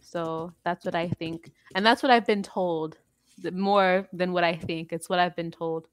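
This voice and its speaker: A woman's voice, fairly low and unhurried with fairly even intonation and no room sound. She's an English tutor with a standard American accent, teaching an online lesson on a video call and explaining pronunciation in a patient, friendly way.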